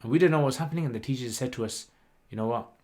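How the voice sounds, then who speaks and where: A man, hosting a livestream and telling a story in a rambling, lively way with lots of fillers. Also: mid-range voice, very fast. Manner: rambling, animated retelling with many "like" and "you know" fillers. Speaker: channel host.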